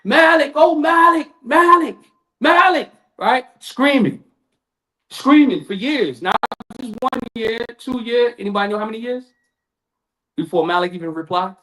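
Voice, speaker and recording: A man's voice: high-pitched, lively intonation, normal speed, pauses often. A man giving a sermon at a community event, in casual street talk, dramatic and acting out voices. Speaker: lecturer.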